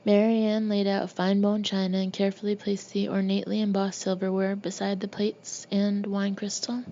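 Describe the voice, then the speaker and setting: A woman narrating an audiobook in a steady, even reading voice. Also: medium pitch, moderate pace. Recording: dull lo-fi recording with faint hiss.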